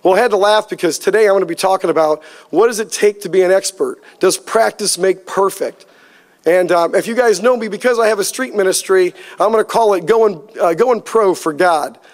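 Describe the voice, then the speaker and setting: A man preaching a sermon, telling a lively personal story and acting out the dialogue. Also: high voice, a little fast. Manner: storytelling, animated, acts out quoted dialogue. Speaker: pastor.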